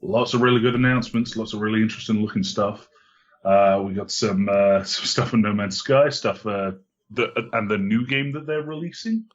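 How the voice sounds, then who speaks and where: A man on a podcast, chatting about game news in a relaxed, hesitant way with many fillers. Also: lowish voice, normal speed. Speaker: podcast co-host. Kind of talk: casual chat about video game news. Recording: dull lo-fi sound.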